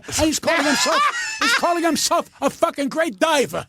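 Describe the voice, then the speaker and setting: A man's voice: very high-pitched, sing-song, moderate pace, sharp tone, dry recording. An older man, a comedian guest, telling stories in an indignant, profane, stammering rant. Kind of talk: ranting storytelling.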